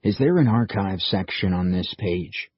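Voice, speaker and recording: A calm older man explains things quietly and carefully in a husky, low voice, as the narrator puts him on. The sound is dull and muffled, with a dry, close feel. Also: no room sound, heavily acted. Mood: measured. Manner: quiet, measured.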